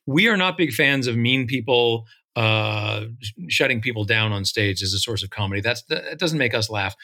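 A man who writes songs for musicals, telling backstage stories with animated delivery and laughing along as he tells them. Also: mid-range voice. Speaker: musical songwriter. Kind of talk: casual storytelling interview.

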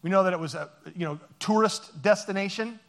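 A man's voice: high voice, a little fast, fairly bright tone. A man giving a conversational sermon as pastor, joking and rambling with many fillers.

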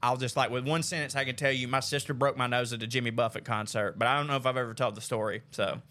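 A man hosting a podcast, telling a story in a casual, animated way and acting out what people said. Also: fast talker. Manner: animated storyteller, acts out quotes with big pitch jumps. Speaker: podcast host.

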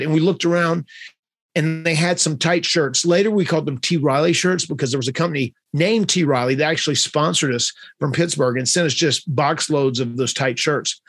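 A man's voice: on the high side, brisk, no room sound. A man hosting a podcast, telling stories animatedly and acting out what others said. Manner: animated, acts out quotes in other voices. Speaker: podcast host. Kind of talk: storytelling in conversation.

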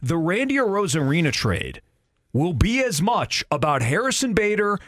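A man's voice: sits high, big pitch swings, moderate pace, fairly bright tone, dry recording, clean studio sound. A man hosting a sports talk show, arguing his points emphatically and repeating them for stress. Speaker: sports radio host.

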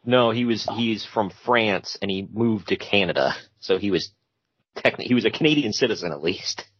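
A man's voice: lowish voice, moderate pace, fairly bright tone, husky, no room sound. A man co-hosting a podcast, casually recapping wrestling with jokey asides and frequent laughs. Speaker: podcast co-host. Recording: dull lo-fi sound.

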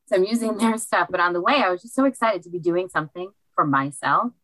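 Excitable low-voiced woman, dry sound. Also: fast, dry recording, poor audio. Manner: bubbly, excitable. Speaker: coaching student. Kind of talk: casual chat on a video call. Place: at home with a computer. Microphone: cheap desk microphone.

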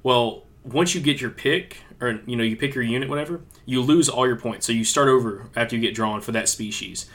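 A man's voice: medium pitch, fairly quick, hardly any pauses. A man co-hosting a hunting podcast, chatting casually and telling stories animatedly to his listeners. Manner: animated storyteller, addresses listeners as guys. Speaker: podcast co-host.

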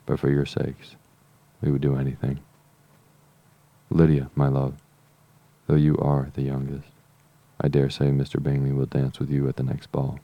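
A fretful, excitable middle-aged mother who complains about everything, as read by a man. The voice stays extremely deep and gravelly with a flat line, and she is barely acted apart from the narration. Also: normal speed, long pauses, no echo, muffled recording. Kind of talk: audiobook reading.

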